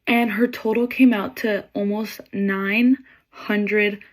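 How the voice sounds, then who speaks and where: A young woman who works at Sephora casually tells a story from her retail job, chatting away and acting out what each customer said in quotes. Her voice is mid-range, her intonation fairly even, and she speaks slowly.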